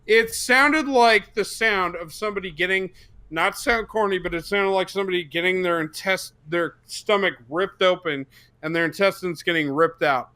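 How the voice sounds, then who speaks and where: A young man telling a profane, excitable story on a casual podcast, bursting into shouts for the quoted parts. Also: high voice, moderate pace. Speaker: podcast co-host.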